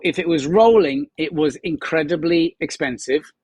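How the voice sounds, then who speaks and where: Animated man telling set stories. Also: fairly high pitch, normal speed, slightly rough, no room sound. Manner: animated storyteller acting out quotes. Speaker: actor guest. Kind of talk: casual podcast chat.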